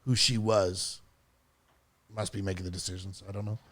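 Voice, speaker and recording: A man with a somewhat low voice, co-hosting a relaxed podcast conversation. He rambles through his thoughts and laughs between phrases as he goes. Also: normal speed. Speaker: podcast co-host. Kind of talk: casual chat.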